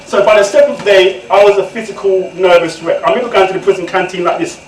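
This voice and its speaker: Animated man telling stories. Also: sits high, quick pace, hardly any pauses. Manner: animated, laughs often. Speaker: author, guest speaker. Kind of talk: comic storytelling to an audience. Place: event room indoors. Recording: echoey room from far off, noisy.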